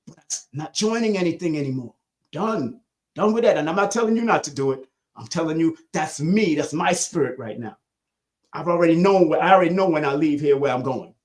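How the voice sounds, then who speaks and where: A man teaching a live-streamed spiritual lesson in a preachy, emphatic way. His pitch leaps between high bursts and low murmurs, and his loudness rises and falls with it. He repeats key lines slowly to drive them home. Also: expressive. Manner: swings between loud high bursts and low quiet asides.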